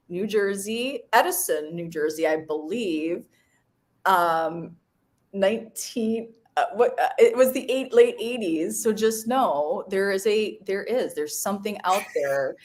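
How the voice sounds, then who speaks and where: A woman co-hosting a live stream in casual chat, bubbly and teasing, laughing often. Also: medium pitch. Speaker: co-host.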